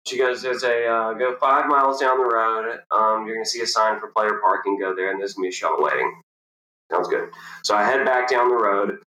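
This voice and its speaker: A young man, a professional golfer, telling a story in a casual interview and acting out the people in it. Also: a little fast. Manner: animated storyteller, jumps high to act out quoted people. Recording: roomy echo.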